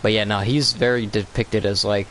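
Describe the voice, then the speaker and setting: A man's voice: on the low side, level tone, moderate pace, a bit bright, a little hiss or hum, poor audio. Profane rambling man, gaming chat. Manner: profane, ranting, loose and rambling. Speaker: gaming channel co-host. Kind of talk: casual gaming commentary.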